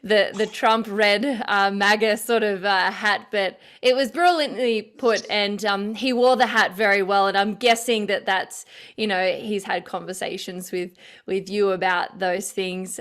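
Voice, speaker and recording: A woman's voice: medium pitch, fairly even intonation, a little slow, fairly bright tone. A woman hosting an interview, chatty, with a lot of listening murmurs. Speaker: host.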